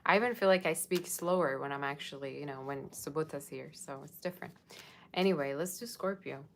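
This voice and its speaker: A woman with a low voice chats casually on a tarot livestream, reading out viewer comments and answering them one by one. A faint hiss of noise sits under her voice. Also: brisk, vocal fry. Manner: chatty, reads viewer comments aloud. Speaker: tarot reader.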